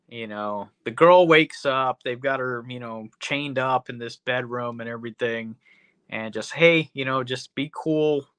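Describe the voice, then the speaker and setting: A man's voice: mid-range voice, a bit bright, smooth, no echo. A man hosting a podcast, recapping a movie in a rambling, profane, casual way full of "you know". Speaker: podcast host.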